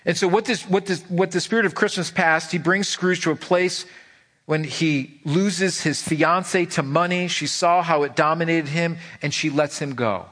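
A man preaching a sermon to his church, animated and emphatic, firing off rhetorical questions. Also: on the high side, moderate pace. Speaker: pastor.

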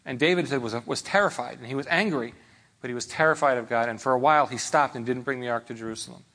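A man's voice: mid-range voice, fast talker, a bit bright. A man preaching a sermon in a conversational way, often checking in with his listeners.

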